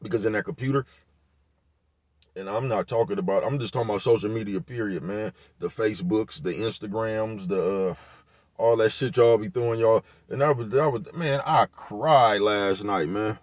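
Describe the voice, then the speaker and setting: A man with a lowish voice speaks in in a loose, repetitive rant. He drops slang and profanity all the way through, recorded dry and close with no room sound. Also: moderate pace, darkish tone, no echo. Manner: laid-back, repetitive, peppered with slang and profanity. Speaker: vlogger giving commentary. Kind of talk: casual rant to camera.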